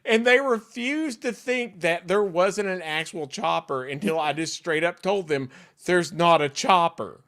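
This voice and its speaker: A man's voice: high voice, unhurried, hardly any pauses, fairly bright tone. A man hosting a talk show who tells a prank story with playful teasing. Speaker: host. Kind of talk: casual radio talk show chat.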